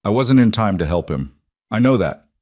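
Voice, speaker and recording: Casting note: feared cowboy, low and dry, careful and plain-spoken, as the narrator reads him. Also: male voice, animated, moderate pace, darkish tone, dry recording. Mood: quiet, earnest.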